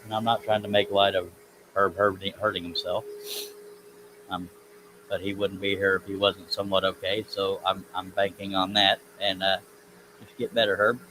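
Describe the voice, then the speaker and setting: A man with a fairly low voice chats loosely through a woodworking live stream, wandering off topic and poking fun at himself as he reads comments out. Clear background noise and buzzing insects sit under his voice in the workshop. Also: flat delivery, normal speed, sharp tone, low-quality recording. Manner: rambling, self-deprecating, reads chat comments aloud. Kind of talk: casual live stream chat while working.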